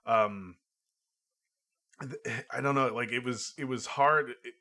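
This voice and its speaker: A man chatting casually about a movie, halting and restarting often with lots of fillers. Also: mid-range voice, sharp tone. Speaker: podcast co-host. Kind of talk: casual film review chat.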